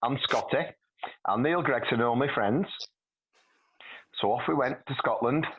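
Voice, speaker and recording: Over phone-quality sound, a husky, medium-pitched middle-aged man speaks a little slowly. He's a podcast guest chatting casually, rambling through a profane anecdote and chuckling as he goes.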